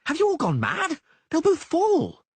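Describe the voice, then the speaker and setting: A man voicing a loud, excitable male troubadour in an audiobook, yelling frantically. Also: very high-pitched, fairly quick, no echo, pitched above the performer's own voice, heavily acted.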